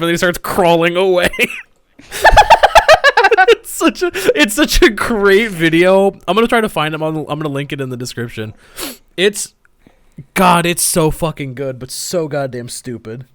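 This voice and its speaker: A man co-hosting a casual podcast, joking around with gamer slang and quick bursts of laughter. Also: fairly high pitch, lively intonation, a bit bright, dry recording. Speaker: podcast co-host.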